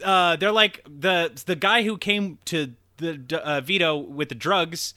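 A young man co-hosting a podcast, retelling a film in a rambling, animated way and acting out quotes. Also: a little high, unhurried, no echo, clean studio sound. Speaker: podcast co-host. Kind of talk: casual film recap chat.

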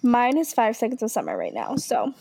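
A young woman co-hosting a podcast in casual chat, excitable and gushing, with casual swearing. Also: fairly high pitch, brisk, vocal fry. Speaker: podcast co-host.

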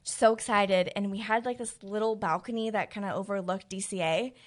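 A woman on a podcast telling stories in an excited, animated way. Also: medium pitch, fairly quick. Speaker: podcast host. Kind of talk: casual chat.

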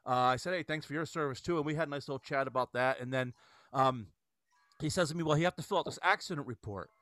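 A man's voice: mid-range voice, fast talker, fairly bright tone, no room sound. A man hosting a casual podcast chat, telling a rambling story with lots of restarts and fillers. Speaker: podcast host.

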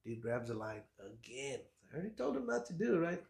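A man, a fishing guide on a podcast, telling stories in a casual, lively way and acting out what people said. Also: medium pitch, fast talker, vocal fry, roomy sound. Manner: animated storyteller, acts out quotes, laughs often. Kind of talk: casual storytelling chat.

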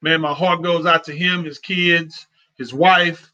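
A man with a high, bright voice hosts a casual talk show. He talks in a heartfelt, repetitive, conversational way, and the recording sounds dull and lo-fi. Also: fairly even intonation, unhurried. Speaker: host.

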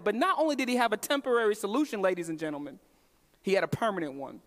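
A pastor preaches in a strikingly high voice. He shifts from quiet, intimate stretches to rousing, emphatic calls. The sound rings with the long reverb of a large church hall. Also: animated, quick pace. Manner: impassioned preaching, swinging from hushed to emphatic calls. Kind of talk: sermon. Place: church sanctuary.

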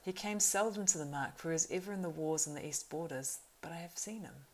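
Brief: proud young male horse-lord, as a woman reads him; earnest, urgent; low, gravelly voice. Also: brisk, poor audio. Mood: dismayed. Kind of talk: audiobook reading.

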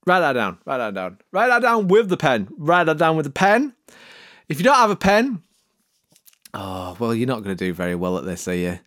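A man's voice: medium pitch, wildly swooping pitch, moderate pace, a bit bright, no room sound, studio quality. A man giving podcast production tips in a jokey, mock-serious monologue, theatrical and full of sudden vocal swoops. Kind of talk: comic tutorial monologue.

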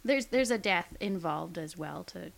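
A woman's voice: lowish voice, expressive, measured pace, creaky. A woman guest on a casual podcast, talking enthusiastically and hedging with fillers, over a faint hiss.

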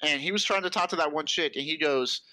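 Young dude chatting, high bright voice, swears, laughs a lot. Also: male voice, quick pace, no room sound, rough recording. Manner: laughing, swearing buddy chat. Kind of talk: casual chat.

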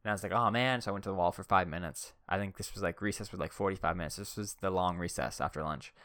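Young adult man for loose, filler-heavy anecdotes; low, smooth voice. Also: fairly even intonation, racing, fairly bright tone, no echo. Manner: rambling, heavy use of "like" and "uh". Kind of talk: casual anecdote-telling.

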